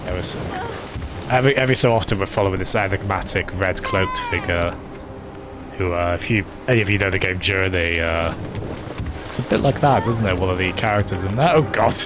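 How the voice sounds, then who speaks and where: A man's voice: deep voice, a little fast, music in the background. A man giving live commentary on a game, chatting with viewers and laughing often. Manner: chatty, laughs often, talks to chat by name. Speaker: game streamer.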